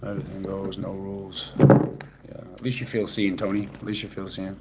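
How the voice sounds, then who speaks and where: This is a man from Manchester with a low, deep voice, talking loosely to his livestream viewers. He reacts to comments in a laid-back, dry and sarcastic way and swears casually as he goes. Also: monotone, normal speed, very noisy. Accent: Mancunian. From Manchester, England. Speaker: livestreamer reading chat. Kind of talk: casual live-stream chat.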